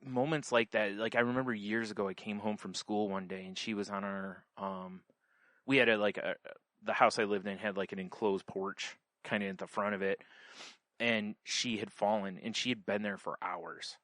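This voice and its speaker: A man's voice: on the low side, steady tone, moderate pace, a bit bright, no room sound. A man co-hosting a podcast, telling a story in casual chat, rambling with lots of fillers and restarts. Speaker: podcast co-host.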